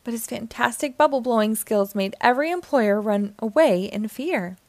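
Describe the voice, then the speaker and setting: A woman narrating a children's storybook aloud, with an expressive, clear delivery. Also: a little high, normal speed, dry recording. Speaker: children's book reader.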